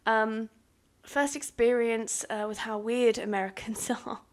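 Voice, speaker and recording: A young woman with a British accent talks through viewer questions in a loose, candid way, often breaking into laughter. Her voice sits a little on the high side, and she pokes fun at herself between plenty of ums and uhs. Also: level tone, a little slow. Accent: British English. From United Kingdom. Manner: candid, self-deprecating, laughs often, many fillers. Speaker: YouTuber answering viewer questions. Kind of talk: casual Q&A chat.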